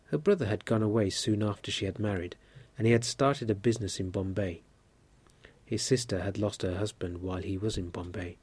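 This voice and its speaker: A man reading a story aloud at a measured pace, lifting his voice for the characters' shouts. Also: on the low side, breathy edge. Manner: steady, measured reading with lively lifts for quoted cries. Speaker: narrator.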